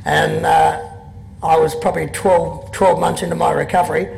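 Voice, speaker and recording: An Australian man in his sixties with a strikingly gravelly, creaky voice pitched fairly high for a man. He reads poems and spins dry, wry anecdotes on stage before a live audience. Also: level tone, normal speed, darkish tone, soft background music, rough recording. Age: 60s. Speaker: poet and guest.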